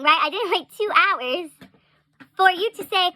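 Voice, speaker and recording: Bright, high-voiced chatty young woman. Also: normal speed, dry recording. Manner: chatty, animated, frequent "like" and laughs. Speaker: storyteller. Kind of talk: casual storytime vlog.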